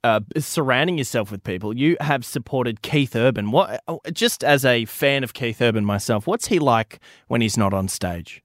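A man's voice: mid-range voice, animated, normal speed, hardly any pauses, dry recording, studio quality. A man hosting a radio interview, friendly and laughing along with his guests. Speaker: radio host.

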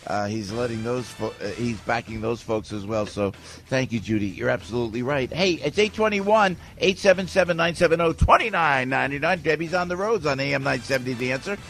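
A man's voice: medium pitch, expressive, brisk, vocal fry, few pauses. A man hosting a talk radio show, taking calls and agreeing with his guests effusively. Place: studio. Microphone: close studio mic. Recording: dry studio sound.

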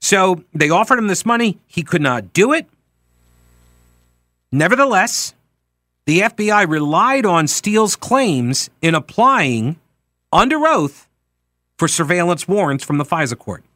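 A man's voice: high-pitched, very animated, a little slow, pauses often, bright, forceful tone, no echo, clean studio sound. A man hosting a political talk radio show, speaking emphatically and conversationally, correcting himself as he goes.

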